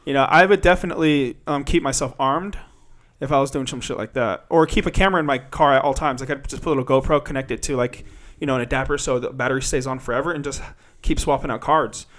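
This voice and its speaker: A man's voice: mid-range voice, fast talker, fairly bright tone. A young man co-hosting a casual podcast chat, rambling with many fillers and telling stories with animation.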